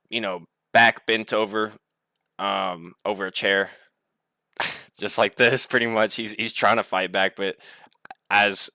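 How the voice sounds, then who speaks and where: Young male vlogger, loose and profane storyteller, punchy bright tone. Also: lowish voice, no echo, studio quality. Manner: rambling, profane, laughs while telling. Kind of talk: casual storytelling.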